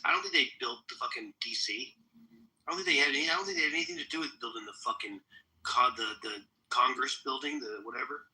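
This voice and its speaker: A man's voice: medium pitch, quick pace, bright, forceful tone, poor audio. A man hosting a casual political talk podcast, rambling, emphatic and profane. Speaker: podcast host.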